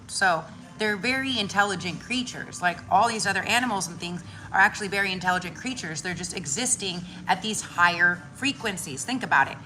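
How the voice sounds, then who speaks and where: Speaking briskly at a medium pitch, a spiritual content creator chats casually about spirituality. She's slangy, swears freely and uses animated character voices as she tells her stories.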